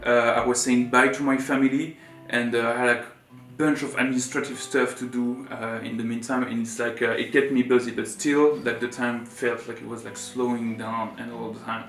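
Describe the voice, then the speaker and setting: A man from France, telling a personal story as co-host in a rambling, animated, filler-heavy way. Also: medium pitch, fairly quick, vocal fry, hardly any pauses. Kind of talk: casual storytelling chat. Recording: roomy room with faint guitar music.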